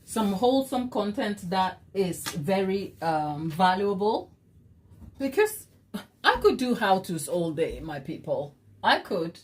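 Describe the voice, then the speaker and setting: A woman's voice: mid-range voice, slow. A woman hosting a live baking stream, chatting casually with viewers in a teasing way that keeps breaking into laughter. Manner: talks to herself to calm down. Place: home kitchen.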